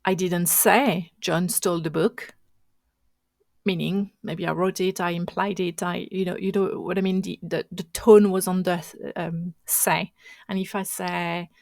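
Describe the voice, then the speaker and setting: A woman's voice: fairly low pitch, level tone, normal speed, vocal fry, darkish tone, no room sound. Woman coaching in a dry, close voice. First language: not English. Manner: instructive, conversational, with frequent restarts. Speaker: podcast host and marketing coach. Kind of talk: solo coaching podcast talk.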